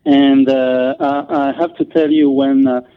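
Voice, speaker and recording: A man's voice: mid-range voice, level tone, unhurried, smooth. A man with a French accent, a native French speaker, talking as a guest in an interview with many restarts and fillers. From France. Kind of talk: interview on a call. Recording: tinny phone line.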